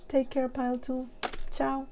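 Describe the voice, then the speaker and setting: A young woman gives a casual tarot reading to camera, speaking English with a non-native accent. She talks slowly with a gravelly, mellow tone and giggles easily. She reads the card text with careful deliberation. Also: sits high, completely flat delivery, a little hiss or hum.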